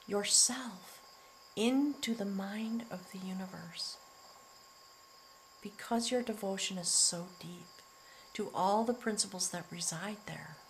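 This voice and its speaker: A middle-aged woman giving a spiritual tarot reading, earnest and emotional, slowly drawing out her words and sometimes dropping to a near whisper. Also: mid-range voice, a little hiss or hum, low-quality recording. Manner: earnest and emotional, often choked up, breaking into soft laughs; slow, drawn-out delivery with soft near-whispered words. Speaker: tarot reader.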